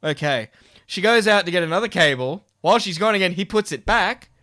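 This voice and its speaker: Australian guy streamer, laughing storyteller, raised pitch, dry mic. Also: quick pace, bright, forceful tone, no room sound. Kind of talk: casual chat on a live stream.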